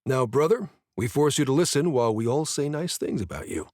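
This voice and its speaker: Teasing brother read by a male narrator, lifted pitch, dry booth. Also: lively intonation, a little fast, a little mellow, no room sound, natural voice. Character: brother Kellen, teasing grown man.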